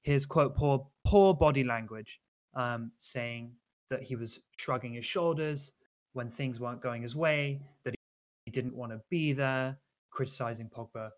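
A man's voice: medium pitch, fairly even intonation, a little slow. A man co-hosting a casual football podcast, talking earnestly and critically with frequent fillers and restarts. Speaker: podcast co-host.

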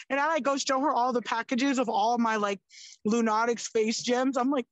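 A woman's voice: fairly high pitch, fairly even intonation, moderate pace, no room sound, highs cut off. A young woman, a podcast guest, chatting casually and animatedly, with lots of "like" and free swearing. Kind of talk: casual chat.

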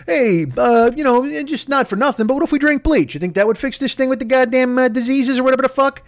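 Guy doing a rambling blowhard old politician, careless, pitched way up. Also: quick pace. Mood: mocking. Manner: offhand, rambling mock-casual delivery. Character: blustering older male politician, rambling and careless.

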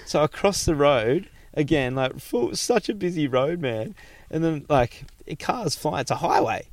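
An Australian man in his thirties telling a story in relaxed conversation. He swears freely and slips into the voices of the people he talks about. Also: on the high side, measured pace, no room sound. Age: 30s. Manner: animated, swears freely, acts out quoted voices. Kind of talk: casual storytelling chat.

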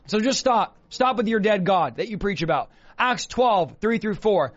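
A male preacher delivering a fervent sermon, often shouting. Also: high voice, expressive, normal speed. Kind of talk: fiery sermon. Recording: dull lo-fi sound with faint music.

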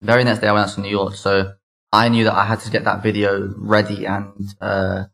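Young London man, slangy and low-voiced. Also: flat delivery, vocal fry, fairly bright tone. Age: 20s. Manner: fast slangy chatter full of likes and mates. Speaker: guest. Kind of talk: casual storytelling.

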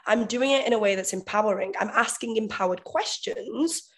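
A woman's voice: mid-range voice, normal speed. A woman coach, a guest on a podcast, explaining steadily, listing terms and acting out inner thoughts.

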